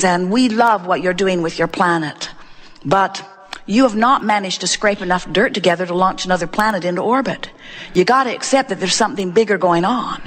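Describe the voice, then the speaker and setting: A woman addresses a live audience with an inspirational talk, speaking deliberately and leaning hard on repeated phrases. Her voice sits in a middle pitch. It carries the long reverb of a large hall. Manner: emphatic, deliberate, repeats for effect.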